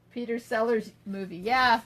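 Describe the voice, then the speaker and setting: An older woman with a voice on the high side and a bit bright hosts a live craft demo. Working in her home craft room, she talks through each step and chattily answers comments from viewers.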